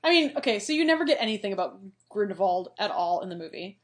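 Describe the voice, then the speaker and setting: A woman's voice: mid-range voice, big pitch swings, fast. A woman co-hosting a podcast, chatting casually about a book, loose and full of fillers. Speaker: podcast co-host. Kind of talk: casual book-discussion chat.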